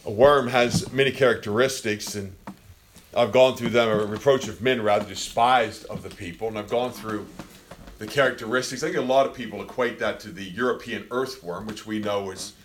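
A man preaching a sermon with passion, swinging from quiet, low passages to loud, near-shouted peaks. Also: moderate pace, slight background noise.

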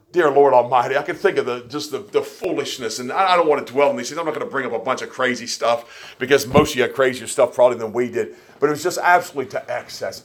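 A man preaching a sermon, telling stories with folksy, joking asides and swinging between quiet remarks and loud emphasis. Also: mid-range voice.

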